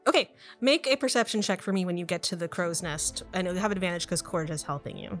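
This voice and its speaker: A woman narrating as game master of a tabletop game, lively and quick to laugh. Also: fairly low pitch, faint music behind. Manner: lively, laughs often, voices characters.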